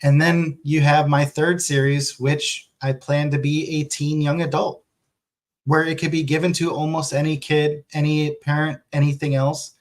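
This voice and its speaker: A man, an author, talking casually and candidly to viewers, animated and swearing freely. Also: on the high side, moderate pace. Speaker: author answering viewer questions. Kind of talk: casual vlog talk.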